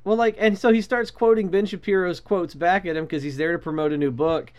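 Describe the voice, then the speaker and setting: A man with a high voice co-hosts a podcast in loose, casual chat. He swears freely and keeps a dry, sarcastic edge. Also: fairly even intonation, brisk, a little mellow. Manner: laid-back and profane, with dry sarcasm. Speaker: podcast co-host.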